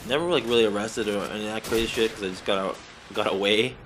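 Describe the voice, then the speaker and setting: A young man with a Boston accent and a slightly hoarse voice, rambling casually with plenty of swearing as he commentates a game. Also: lowish voice, steady tone, quick pace, noisy background. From Medford, near Boston, USA. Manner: rambling, self-correcting, swears freely. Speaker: gameplay commentator. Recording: gunfire from game audio behind.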